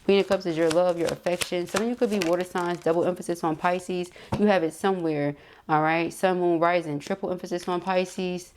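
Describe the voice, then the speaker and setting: A woman reads tarot in a loose, chatty way. She speaks in a somewhat low voice and talks straight to her viewers with emphatic asides. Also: steady tone, brisk, background noise. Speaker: tarot reader. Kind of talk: casual tarot reading monologue.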